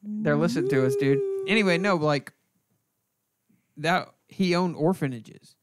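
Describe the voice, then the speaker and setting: A man's voice: on the high side, a little slow, heavy background noise. A man hosting a podcast, chatting in loose, joking, profane banter. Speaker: podcast host. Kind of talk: casual podcast chat.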